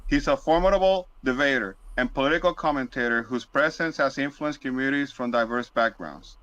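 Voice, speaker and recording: A man's voice: mid-range voice, brisk, a bit bright, no room sound, dull audio. A man with a Spanish accent whose first language is Spanish, hosting a casual podcast interview and reading a formal introduction of his guest. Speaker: podcast host. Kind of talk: casual audio-space interview.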